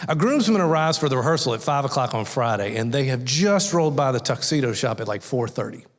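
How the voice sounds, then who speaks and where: A man's voice: medium pitch, expressive, quick pace. A man preaching a conversational sermon as a guest speaker, telling folksy stories and acting out little voices in his anecdotes. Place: church sanctuary. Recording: long hall reverb.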